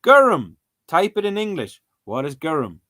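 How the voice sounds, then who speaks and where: A man's voice: medium pitch, lively intonation, measured pace, a bit bright, no echo. A young Irish man hosting a casual livestream, teasing his friends and repeating words in playful sing-song runs. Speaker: livestream host.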